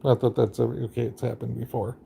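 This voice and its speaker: A man's voice: medium pitch, flat delivery, fast, vocal fry, dark tone, a little hiss or hum. A man casually narrating his game during a live stream, rambling and chatty with lots of fillers.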